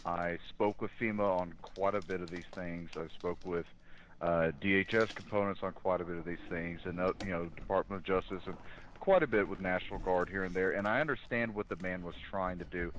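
Low-voiced male guest on a dull line. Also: steady tone, a bit bright, a little hiss or hum. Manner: earnest, opinionated, halting with fillers. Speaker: guest in law enforcement. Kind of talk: casual political talk.

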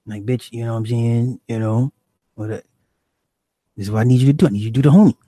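Laid-back gang leader, a man playing him, dark husky tone, dry sound. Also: medium pitch, quick pace, no room sound, close to an everyday voice. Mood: blunt. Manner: laid-back, blunt and dismissive. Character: calm tough male gang leader.

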